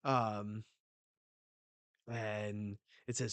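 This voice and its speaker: Slow-talking young man reacting to manga. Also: lowish voice, no room sound. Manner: excitable, swears, reads panels aloud. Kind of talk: live reading reaction.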